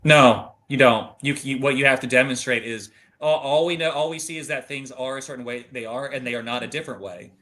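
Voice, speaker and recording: A man's voice: medium pitch, brisk, few pauses, fairly bright tone. A man hosts an online debate, steering the talk and giving each guest the floor. His delivery is loose and informal, with a mid-range voice. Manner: directs turns, loose and informal. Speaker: debate moderator and host. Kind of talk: moderating an online discussion.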